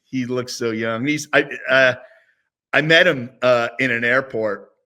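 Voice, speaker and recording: A man's voice: medium pitch, measured pace. A man in his sixties, a former football player, telling stories as a guest in a casual interview. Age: 60s. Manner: animated, rambling with restarts.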